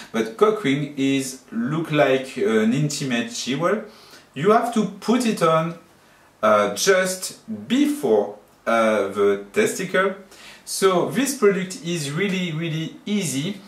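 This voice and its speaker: A man from France with a French accent, speaking English as a second language in a casual review vlog, halting and searching for words. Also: a little high. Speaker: vlogger. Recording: roomy echo, mic at a distance.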